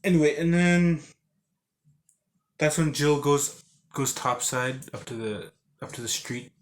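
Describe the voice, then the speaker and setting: A man's voice: on the high side, unhurried. A man casually recapping a video game he played, rambling with lots of "like" and restarts, and acting out characters with growls and sound effects. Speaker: game reviewer.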